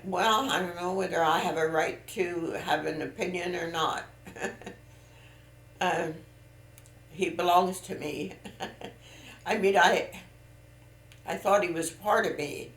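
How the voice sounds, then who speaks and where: Older woman, aged lowish voice, hesitant and reflective, echoey home recording. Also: fairly bright tone. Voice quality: aged voice with little singing range left. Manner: halting and reflective, with restarts and trailing off. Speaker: grandmother interviewed by a grandchild. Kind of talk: casual family interview. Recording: roomy echo.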